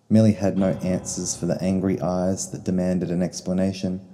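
Casual: solemn guy reading a story, deep mellow voice, guitar playing softly behind. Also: little pitch movement, normal speed, hardly any pauses. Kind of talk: scripted narration. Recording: long reverb, faint guitar music.

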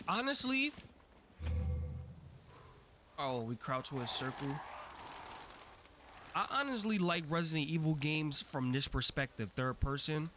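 A man doing casual let's-play commentary in a voice pitched a little above most men. He chatters on, swears freely and talks faster the more nervous he gets. A faint hiss sits under the recording. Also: animated. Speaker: gaming channel host.

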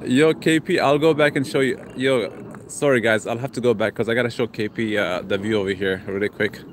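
A man walking through a city park with his phone, reading out and answering live chat comments in an easygoing tone. His voice sits at an ordinary middle pitch. Faint traffic noise hangs behind him outdoors. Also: steady tone, brisk. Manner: reads viewer comments aloud and greets them. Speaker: livestream vlogger.

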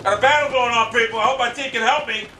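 A man commentating his own shooter game match, ranting, swearing and yelling in frustration. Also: extremely high pitch, steady tone, fast, over music. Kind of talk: live gameplay commentary. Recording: roomy, distant mic with loud game gunfire.

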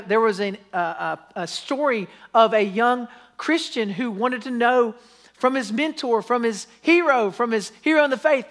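Pastor preaching. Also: mid-range voice. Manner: storytelling with lively acted quotes and pleading questions. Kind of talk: sermon.

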